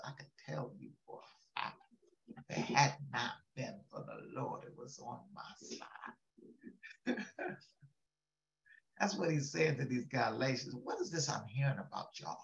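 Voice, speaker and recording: A man's voice: medium pitch, animated, a little slow, creaky, pauses often, a bit bright, echoey room, highs cut off. A man preaching a sermon as pastor in a conversational style, full of rhetorical questions.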